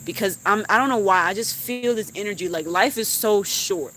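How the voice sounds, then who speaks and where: A woman's voice: mid-range voice, normal speed, a little hiss or hum. Emotional young woman venting on a live stream. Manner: heartfelt and animated, swearing and laughing. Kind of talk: emotional casual chat.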